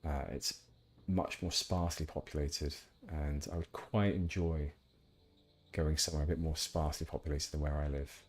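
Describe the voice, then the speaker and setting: A man's voice: very deep voice, level tone, moderate pace. A man chatting casually while streaming a game, rambling with asides. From England. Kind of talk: casual gameplay chat.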